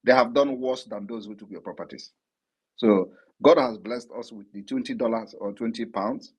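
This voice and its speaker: A man's voice: medium pitch, normal speed, husky, poor audio. A man answering questions on a live audio broadcast, speaking in an assertive, emphatic way and often repeating his points. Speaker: political leader answering questions.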